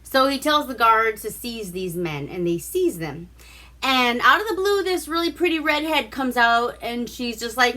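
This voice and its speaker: A woman with a fairly high-pitched, animated voice and a sharp tone talks at normal speed. She's a vlog host reviewing a movie, recapping it in a chatty, profane way on her casual vlog and acting out the quotes.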